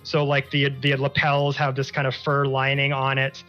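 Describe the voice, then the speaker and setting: A man's voice: medium pitch, monotone, moderate pace, a bit bright. A man narrating as game master of a tabletop game, describing scenes loosely with many fillers. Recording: dull lo-fi stream audio with faint music.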